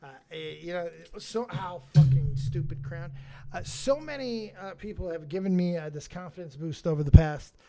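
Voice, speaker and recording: A man hosting a live stream who reads out names from the chat, swears casually and now and then shouts with excitement. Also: high-pitched, brisk, hardly any pauses. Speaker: streamer and show host.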